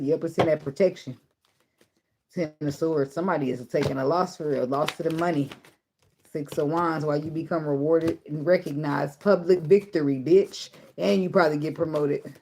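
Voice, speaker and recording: A woman's voice: deep voice, warm tone, slight background noise. A woman giving a casual tarot reading, blunt and profane, often breaking into laughter. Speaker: tarot reader.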